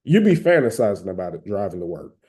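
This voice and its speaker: A man's voice: deep voice, big pitch swings, fast talker, a little mellow. A man from Atlanta with a Southern accent, giving casual, conversational advice about recovering from a habit, with many fillers and hedges. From Atlanta, Georgia.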